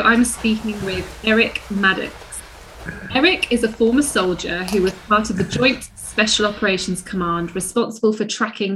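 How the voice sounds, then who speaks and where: A woman hosting a radio interview show, with a mid-range voice. She reads a polished, scripted introduction and then asks her guest curious questions. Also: mid-range voice.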